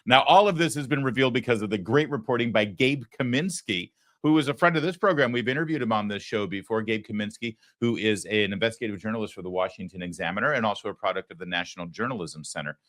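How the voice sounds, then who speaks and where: A man's voice: on the low side, fairly bright tone. A middle-aged man hosting a political commentary show, talking sarcastically with mocking asides. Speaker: host.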